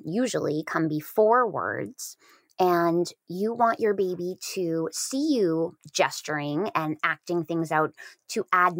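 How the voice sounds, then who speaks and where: Woman calmly explaining baby talk tips, lowish voice, dry close sound. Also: dry recording. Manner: explains steadily, stressing key words. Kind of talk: casual advice chat.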